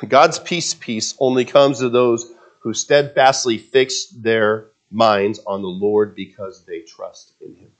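With a lowish voice, a pastor preaches a sermon, stressing repeated words for emphasis and tossing off asides to the congregation. The recording has dull audio.

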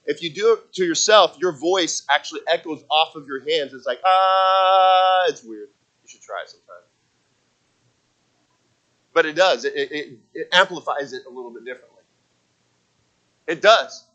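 A man preaching a sermon with a high, bright voice. He talks to the congregation in a relaxed, conversational way. He often repeats words as he goes and acts out little stories. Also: normal speed, long pauses, dull audio. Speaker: pastor.

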